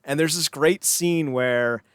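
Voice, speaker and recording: A man's voice: on the high side, slow pace, a bit bright, clear, resonant tone, no echo, studio quality. A man co-hosting a wrestling podcast, chatting casually, rambling and laughing often, acting out quotes in little voices. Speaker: podcast co-host. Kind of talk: casual chat.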